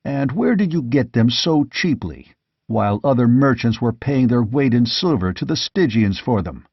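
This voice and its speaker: A man playing a gruff barbarian king. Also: mid-range voice, expressive, normal speed, no room sound. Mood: blunt, mocking. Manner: blunt, gruff, grimly amused. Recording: dull, dry lo-fi audiobook recording.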